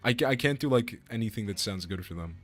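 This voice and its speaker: A young man streaming a game, talking casually in a rambling, excitable way with lots of restarts and swearing. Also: on the low side, fast. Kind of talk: casual gameplay commentary.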